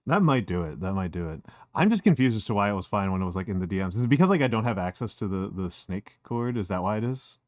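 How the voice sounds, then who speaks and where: A man's voice: fairly low pitch, animated, fast, hardly any pauses, dry recording, clean studio sound. A man hosting a stream, chatting casually and hesitantly with lots of restarts. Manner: hesitant, many restarts and fillers. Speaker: streamer host. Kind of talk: casual chat.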